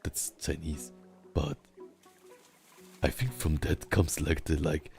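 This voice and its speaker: A man with a Southern German accent and a rolled R, a native German speaker chatting casually while streaming a game, talking slowly with long pauses. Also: expressive, vocal fry, a little mellow, faint music behind. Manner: slow, rumbly speech with long pauses. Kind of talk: casual chat while gaming.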